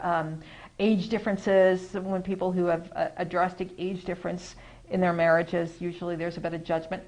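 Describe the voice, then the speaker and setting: An American woman musing in a casual, rambling talk, with lots of fillers and self-corrections, who gets animated when she makes a point. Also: fairly low pitch, rough recording. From United States. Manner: acts out quoted voices, gets animated when emphasizing. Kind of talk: casual spoken reflection.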